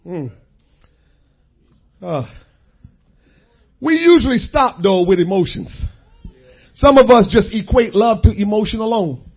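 Male preacher, husky voice, high pitch, repeats his lines, call-and-response style. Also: expressive, unhurried, pauses often, lo-fi sound. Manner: emphatic, repeats key lines. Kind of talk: sermon.

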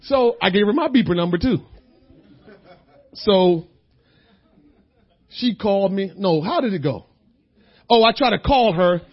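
A man's voice: high-pitched, lively intonation, measured pace, pauses often. A middle-aged man preaching a sermon in church, telling his own story in a loose, conversational way, often repeating his words. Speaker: pastor. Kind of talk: sermon with personal testimony. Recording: dull lo-fi sermon recording.

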